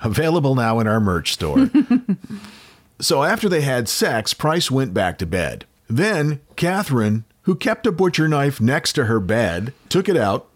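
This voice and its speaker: A man's voice: medium pitch, sing-song, a little slow. An American man hosting a podcast, casually telling a true crime story with wry, offhand jokes.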